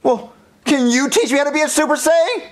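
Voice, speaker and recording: A man's voice: very high voice, brisk, crowd noise. A man playing a bossy, competitive dad who gloats and argues the rules in a puppet comedy. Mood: smug.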